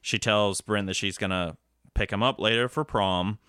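Brief: male podcast co-host, low and bright, rambling casual recap, dry close mic. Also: normal speed, smooth, no echo. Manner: rambling, loose recap with many fillers and restarts. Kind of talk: casual movie recap chat.

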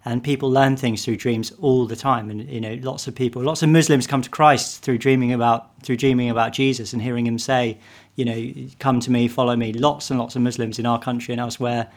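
A man's voice: mid-range voice, fairly even intonation, fairly quick. A man, a vicar, talking as a podcast guest, often restarting and repeating words as he thinks aloud. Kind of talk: casual podcast conversation.

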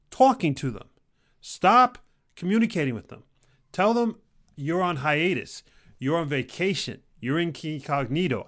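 A man in mid pitch delivers a fired-up pep talk. He pushes hard on key words and repeats them, then drops to a low, intense near-murmur before building up again. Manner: intense, emphatic, repeats lines for emphasis; swings between loud exhortation and low, quiet intensity. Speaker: career motivational speaker.

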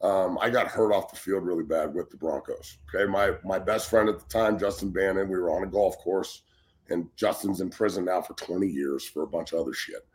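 This man's voice is low, brisk, and a little mellow as he rants on a casual sports show. A former football player in his forties appearing as a guest, he's blunt and heated, swears heavily, and keeps restarting sentences by repeating his opening words.

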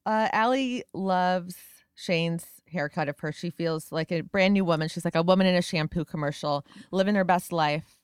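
A woman's voice: fairly low pitch, clean tone, no echo, studio quality. Wry joking woman podcast co-host. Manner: wry, joking, quick asides. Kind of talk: casual recap chat.

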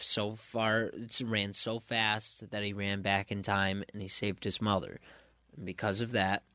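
A man casually retelling a comic storyline, rambling and animated with lots of fillers. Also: on the low side, smooth, no echo, clean studio sound. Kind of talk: casual chat.

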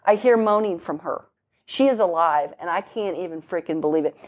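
A woman's voice: fairly low pitch, a little fast. Blunt, emphatic middle-aged policewoman storyteller. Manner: vivid, emphatic, blunt with casual swearing. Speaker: police officer guest. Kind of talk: recounting a story in casual conversation.

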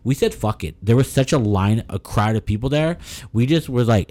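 A man co-hosting a casual podcast chat, telling stories in an animated way with quick asides. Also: mid-range voice. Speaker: podcast co-host.

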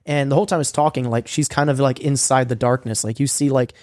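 A young man telling a story in casual chat, swearing a lot and filling his talk with "like" and "um," sometimes acting out quoted lines in a higher voice. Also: steady tone, fast, a little mellow, dry recording, clean studio sound. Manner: profane, rambling storytelling with many fillers; acts out quoted lines with a raised voice. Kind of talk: casual recap of a streamed game.

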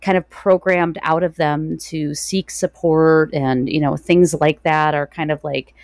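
A woman podcast host responding in a warm, effusive and reflective way. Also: sits low, fairly even intonation, measured pace, no room sound, clean studio sound. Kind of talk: conversational interview.

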